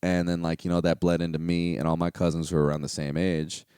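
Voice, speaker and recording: A man's voice: deep voice, level tone, fast, mellow, clean tone, no echo, clean studio sound. A young man hosting a solo podcast, talking in a rambling, candid, profane way with lots of fillers. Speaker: podcast host. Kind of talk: casual solo podcast monologue.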